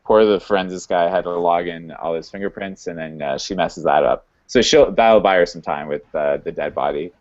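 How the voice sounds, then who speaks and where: A man hosting a podcast, casually recapping a TV episode in a halting way with many fillers and restarts. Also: deep voice, a little mellow. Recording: dull lo-fi sound.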